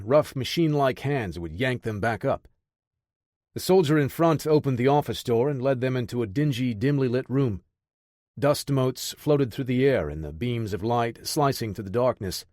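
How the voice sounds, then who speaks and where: A man narrating an action audiobook in a steady, measured voice. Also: medium pitch, no echo, clean studio sound.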